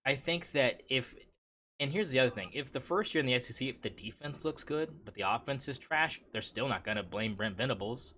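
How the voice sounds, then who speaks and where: A man's voice: mid-range voice, animated, fairly quick, pushed and bright, a little hiss or hum. A man hosting a casual sports podcast, talking in a rambling way with lots of "I mean" and restarts. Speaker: podcast host.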